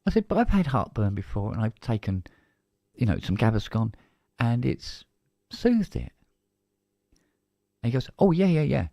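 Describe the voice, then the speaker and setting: A man's voice: medium pitch, big pitch swings, a little slow, dark tone, dry recording. A man with a British accent, co-hosting a casual live-stream chat and telling a story by acting out both sides of a conversation. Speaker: co-host.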